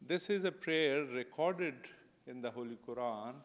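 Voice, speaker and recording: A man at a symposium reciting a prayer and translating it in a measured, deliberate way. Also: mid-range voice, in a large hall. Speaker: symposium speaker.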